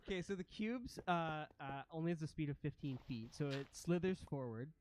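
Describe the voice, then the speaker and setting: A man's voice: fairly high pitch, expressive, fairly quick, darkish tone, a little hiss or hum. A man narrating a tabletop role-playing game as game master, giving vivid, gross descriptions and chuckling often.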